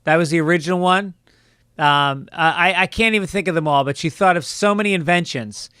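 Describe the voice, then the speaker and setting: Bright, smooth-voiced man telling stories. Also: a little high, brisk, no room sound, studio quality. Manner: animated storyteller who laughs often. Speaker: podcast co-host. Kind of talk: casual chat.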